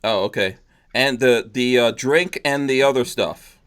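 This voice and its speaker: An easygoing man hosts a casual panel podcast, chuckling often as he steers the talk. His pitch sits in an ordinary middle range, and he reads shout-outs to his viewers from the chat. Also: a little slow, smooth. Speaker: podcast host.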